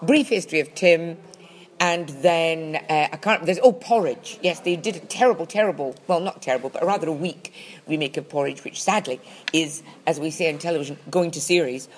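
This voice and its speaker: Woman, lowish voice, dry teasing podcast banter. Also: a little fast. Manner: dry, teasing, precise and wordy. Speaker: podcast co-host. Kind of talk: casual comedic chat.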